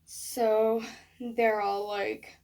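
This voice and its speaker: A woman telling a personal story in a vlog, animated, acting out what people said. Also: a little high, drawn-out words, vocal fry, a little hiss or hum. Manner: animated storytelling with acted quotes. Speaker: vlogger.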